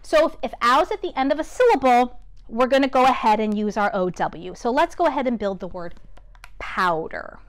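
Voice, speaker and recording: An American woman gives a spelling lesson for children in a fairly high voice. Her pitch rises and falls a great deal as she sounds words out slowly. She keeps an encouraging, patient manner throughout. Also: expressive. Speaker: teacher.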